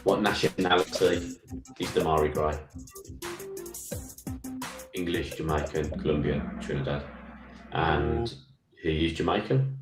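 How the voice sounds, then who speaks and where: Deep-voiced Birmingham man hosting a quiz. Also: fairly even intonation, unhurried, long pauses, roomy sound, music in the background. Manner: reads each question twice, chatty with frequent "mate". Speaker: football phone-in co-host. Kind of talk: casual live-stream chat, reading quiz questions.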